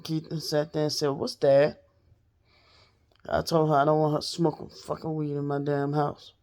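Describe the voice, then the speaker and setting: A woman's voice: sits low, level tone, normal speed, darkish tone. A woman telling a personal story straight to her viewers in a casual, blunt, profane way. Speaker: storytelling vlogger.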